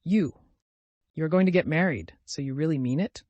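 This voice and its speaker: Arkady, a man doing an excitable sentimental fellow. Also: fairly high pitch, normal speed, dry recording, lo-fi sound, voice pushed up. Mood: excited. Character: excitable, sentimental young man, loud and impulsive. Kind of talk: audiobook character reading.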